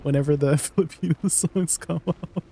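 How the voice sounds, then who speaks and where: A man's voice: on the high side, fairly even intonation, moderate pace, gravelly, mellow, slight background noise. A young man from Canada with a Canadian accent, chatting casually and playfully with his viewers during a live gaming stream, asking them questions. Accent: Canadian English.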